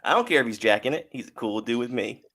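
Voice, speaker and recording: A man in casual podcast chat, tossing in quick crude quips. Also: mid-range voice, expressive, fairly bright tone. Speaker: podcast co-host.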